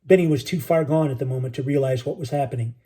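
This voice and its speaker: Husky, dark-voiced man reading aloud. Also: mid-range voice, fast. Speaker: audiobook narrator. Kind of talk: first-person storybook reading.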